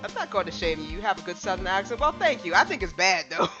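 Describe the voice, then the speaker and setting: A woman's voice: mid-range voice, big pitch swings, a little fast. A woman casually commenting on a game she is playing, joking, rambling and poking fun at herself. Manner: joking, rambling, self-deprecating. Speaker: gaming YouTuber. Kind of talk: casual let's-play commentary. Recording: dull audio with game music.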